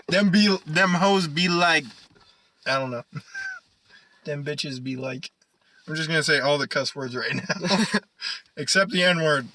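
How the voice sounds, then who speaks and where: A man's voice: on the high side, pushed and bright, rough recording. A young man co-hosting a casual podcast, rambling and swearing, laughing often. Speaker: podcast co-host. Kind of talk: casual chat.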